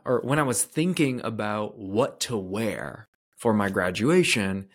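A man from Canada hosting his own podcast, telling a personal story in an earnest, candid way with lots of casual "like" fillers. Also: fairly low pitch. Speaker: podcast host.

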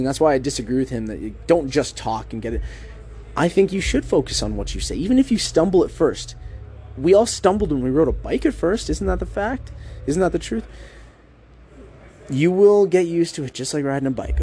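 A young man hosts his podcast alone, walking through a book in a relaxed, conversational way. His voice is mellow and warm, and he deliberately lifts and drops his tone to keep listeners hooked. A faint noise sits under the recording. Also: fairly high pitch. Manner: conversational, with filler "like" and rhetorical questions. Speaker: podcast host. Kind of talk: casual book-review podcast monologue.

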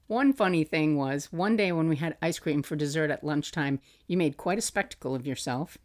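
A middle-aged woman with a low voice reads from a journal she once kept for her little boy. Her delivery is fond and motherly, broken now and then by soft laughs. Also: normal speed. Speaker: podcast host. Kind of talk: reading aloud from a family journal.

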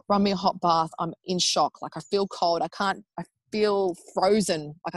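An Australian woman in her thirties, a podcast guest telling a personal story in a casual, animated way, acting out what people said. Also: on the low side, no room sound. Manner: animated, acts out quoted speech in raised voices; chatty with frequent fillers like "like" and "um".

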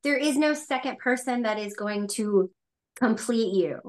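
A woman's voice: fairly high pitch, measured pace. Rambling woman podcast host. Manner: rambling, restarts questions. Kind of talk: casual interview chat.

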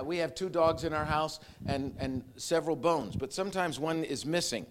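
A middle-aged man preaching a sermon, acting out voices and quotes, shifting from loud commands to near whispers. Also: on the high side, brisk, few pauses, crowd noise. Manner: animated preaching, acts out quotes, growls and laughs. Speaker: pastor.

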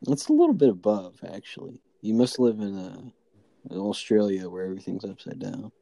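A laid-back man trading jokes in a relaxed conversation, full of slang. His voice sits fairly low. The recording is close and dry, with no room sound. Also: brisk, gravelly, no echo, highs cut off. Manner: laid-back, slangy, jokey, says "dude" often. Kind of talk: casual chat.

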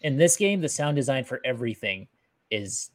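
A man talks through a game with loose, enthusiastic phrasing. His pitch is medium and unremarkable. He reacts freely in relaxed podcast chat. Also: normal speed. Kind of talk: casual game discussion chat.

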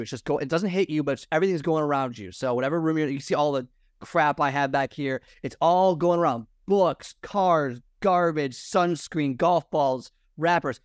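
A man's voice: fairly high pitch, no echo, clean studio sound. A man, a fitness mentor, giving advice in a podcast talk, rambling with many restarts. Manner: rambling, repeats himself, restarts sentences. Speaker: guest, fitness and lifestyle mentor. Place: room full of personal stuff.

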